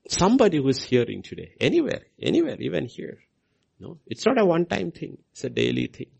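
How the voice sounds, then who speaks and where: A man preaching a sermon, swinging from loud proclamations to hushed, near-whispered lines and repeating key phrases for emphasis. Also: on the high side, huge pitch swings, fast, gravelly, breathy edge.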